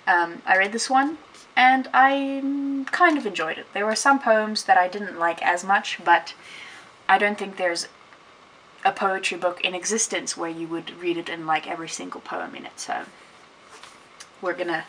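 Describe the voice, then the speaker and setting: A woman's voice: on the low side, fairly even intonation, moderate pace, fairly bright tone. A woman talking casually in a bookshelf tour vlog, chatty and rambling, often correcting herself mid-sentence. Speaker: vlogger. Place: room at home beside a bookshelf. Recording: distant camera mic with faint hiss.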